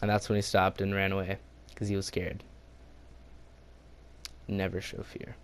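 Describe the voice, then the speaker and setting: A man's voice: deep voice, a little slow, a little hiss or hum. Young guy rambling thru a storytime, laughs a lot, does silly voices. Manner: rambling, laughs often, animated voices for quotes. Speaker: gaming channel host telling a story. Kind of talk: impromptu storytime.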